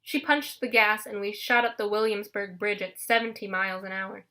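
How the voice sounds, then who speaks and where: A woman narrating an audiobook in a lively first-person storytelling manner. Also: medium pitch, normal speed.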